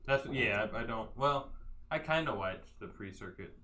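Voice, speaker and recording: A man's voice: fairly low pitch, animated, normal speed, background noise. A young adult man co-hosting a casual gaming podcast, chiming in and laughing often. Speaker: podcast co-host. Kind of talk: casual chat.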